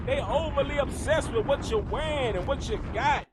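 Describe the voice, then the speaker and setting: A man hosting a comedic gossip commentary, talking in an animated, profane way and repeating lines for effect. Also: very high-pitched, moderate pace, few pauses, noisy background. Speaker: host.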